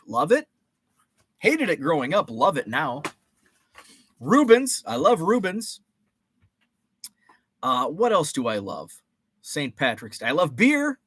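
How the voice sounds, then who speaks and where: A man's voice: a little high, fairly bright tone, dry recording, clean studio sound. A man hosting a casual live stream, chatting and greeting viewers by name with rambling asides. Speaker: podcast host.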